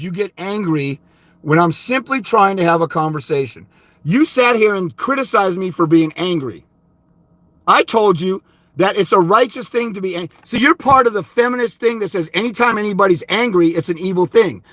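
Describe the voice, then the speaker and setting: Angry shouting man with a bright voice. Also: high voice, dry recording. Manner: angry, insulting, shouting bursts. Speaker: livestream host answering viewer comments. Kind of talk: angry livestream rant.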